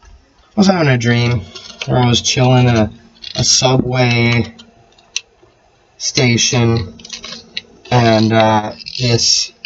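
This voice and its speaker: Young guy rambling on a vlog, swears a lot, mid pitch, kinda muffled recording. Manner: rambling, profane, animated when reliving a dream. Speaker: vlogger. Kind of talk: casual storytelling monologue. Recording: slightly dull, faint background hiss.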